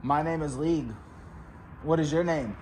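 A man exploring an abandoned house, asking spirits short questions in a ghost-hunting session and reacting in hushed tones. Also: on the high side, moderate pace, slight background noise. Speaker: paranormal explorer vlogger. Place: outdoors at an abandoned house, on a porch.

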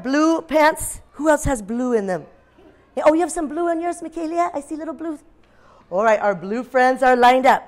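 A woman teacher runs a phonics lesson for young children in an animated, sing-song voice pitched a little high. She lets out dramatic shouts to keep the class playing along.

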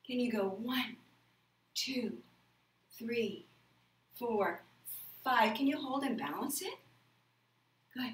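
A woman teaching a children's yoga class, counting aloud and giving gentle, cheerful cues. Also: fairly high pitch, takes it slowly, pauses often, roomy sound, far from the mic, a little hiss or hum, low-quality recording. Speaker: yoga instructor.

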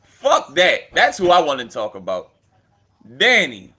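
A man talking casually as a battle rapper, taunting and swearing at a rival in an animated, mocking way. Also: fairly high pitch, a little slow, breathy edge. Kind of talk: casual trash talk. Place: indoors with friends.

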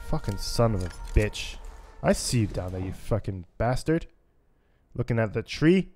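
A man's voice: medium pitch, sing-song, moderate pace, music in the background. Swearing, frustrated gaming commentator man. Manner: frustrated, swearing, raging at the game; rambling, chatty asides. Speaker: gaming YouTuber. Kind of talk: let's play commentary.

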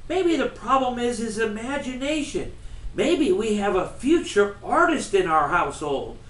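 Brief: soothing middle-aged mom, read by a man, high lively voice, echoey. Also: measured pace, full character voice. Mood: gentle. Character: hopeful, gentle middle-aged mother. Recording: roomy, from far off.

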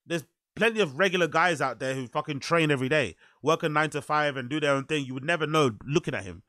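A man's voice: fairly high pitch, fast, bright, forceful tone, no echo, clean studio sound. A man giving casual reaction commentary in a blunt, incredulous way, swearing freely.

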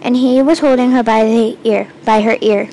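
A woman with a fairly high voice reads her own first-person fantasy tale aloud. She stumbles and starts lines over now and then. A faint hiss runs underneath. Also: steady tone, dark tone, rough recording. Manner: halting, with restarts and stumbles; first-person storytelling with quoted lines read in the same voice. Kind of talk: amateur reading of her own fantasy story.

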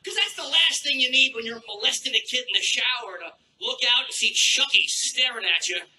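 A man doing a crude, sardonic stand-up set on a stage with a handheld mic, clearing a troubled throat now and then. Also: very high voice, lively intonation, fairly quick, sharp tone, a little hiss or hum, rough recording. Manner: crude, brash and sardonic, with acted-out asides. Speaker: stand-up comedian. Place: comedy club stage.

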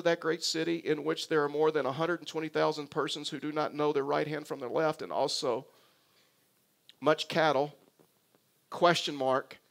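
A man preaching a sermon from the pulpit, his voice sitting a little high for a man. He talks in a loose, conversational way, then builds to emphatic, animated stretches. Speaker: pastor.

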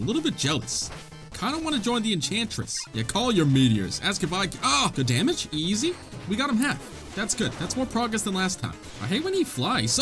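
A young man giving casual, excitable gameplay commentary, swearing and trash-talking the enemies. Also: high voice. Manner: excitable, profane, jokey trash talk. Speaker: gaming video host.

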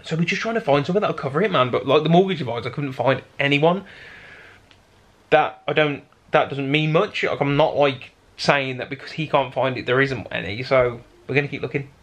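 Chatty fast-talking British young man. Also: mid-range voice, a bit bright. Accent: British English. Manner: rambling, chatty, self-correcting. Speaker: vlog host. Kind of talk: casual chat to camera.

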